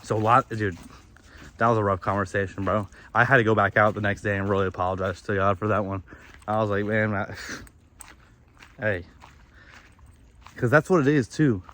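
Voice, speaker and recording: A young man with a lowish, slightly bright voice talks quickly in the woods, a vlogger rambling through a frank, profanity-laced confessional and restarting sentences often.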